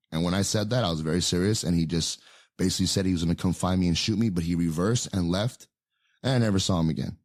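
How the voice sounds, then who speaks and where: Fast-talking deep-voiced man in his thirties. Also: dry recording, clean studio sound. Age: 30s. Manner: rambling storyteller, many fillers and restarts. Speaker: podcast co-host. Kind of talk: casual podcast chat.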